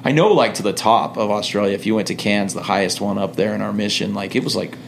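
A young American man, a former missionary, telling lively stories in a casual podcast chat and acting out quoted voices. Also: on the low side, fast talker, creaky, slight background noise. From United States. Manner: animated storyteller, acts out quoted voices and laughs.

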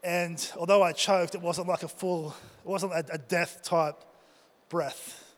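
A man telling a personal story to a live audience, animated and acting out his own thoughts. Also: sits high, measured pace. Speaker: speaker addressing a live audience. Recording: reverberant hall.

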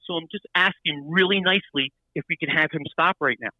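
A man telling a story in casual chat, animated and full of restarts and repeated words. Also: fairly high pitch, fairly quick, no room sound, highs cut off.

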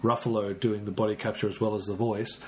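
A man co-hosting a podcast in relaxed, chatty talk, swearing freely. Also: lowish voice, fast talker, slight background noise. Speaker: podcast co-host. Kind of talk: casual chat.

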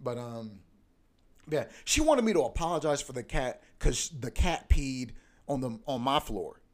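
A man's voice: medium pitch, sing-song, measured pace. A young man hosting a podcast in a casual, profane, ranting monologue that keeps coming back to "bro.". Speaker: podcast host.

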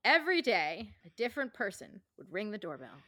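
A woman co-hosting a podcast in casual chat, animated and swearing, acting out silly voices. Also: mid-range voice, a little fast, dry recording. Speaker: podcast co-host.

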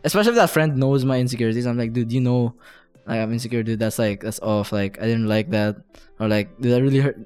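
A young man co-hosting a podcast, talkative and quick to laugh, acting out his own reactions as he goes. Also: mid-range voice, a little mellow, clean tone. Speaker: podcast co-host. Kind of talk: casual chat.

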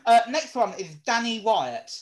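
A young co-host in casual podcast chat, playful and quick to laugh. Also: male voice, high voice, sing-song. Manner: playful, giggly banter.

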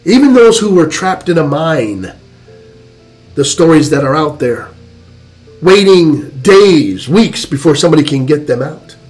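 A man preaching a fervent sermon with dramatic pauses. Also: a little high, sing-song, darkish tone, soft background music.

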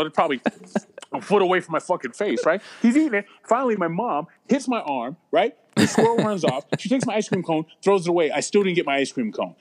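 Fast profane guy telling stories on a podcast, kinda high voice. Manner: profane, animated storyteller. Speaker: podcast co-host. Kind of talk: casual chat, storytelling.

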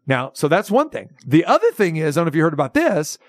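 A man's voice: fairly high pitch, big pitch swings, fast talker, dry recording, clean studio sound. A man hosting a sports radio show, ranting with sarcastic asides. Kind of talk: casual sports talk radio rant.

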